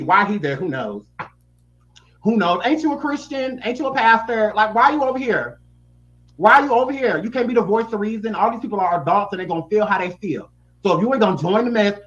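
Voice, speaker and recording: A man's voice: high-pitched, animated, brisk, a bit bright, dull audio. A man giving blunt, sassy and profane reaction commentary. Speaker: YouTube commentator.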